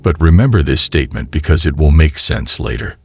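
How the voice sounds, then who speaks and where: A man's voice: extremely low pitch, lively intonation, fairly quick, vocal fry, slightly rough. A man narrating a reaction commentary with wry, moralizing asides.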